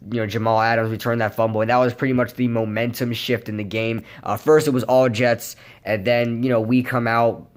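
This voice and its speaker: A young man with a hoarse, fading voice from yelling all day, giving a rambling casual post-game recap for his channel, full of fillers and restarts. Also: lowish voice. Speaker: sports vlogger.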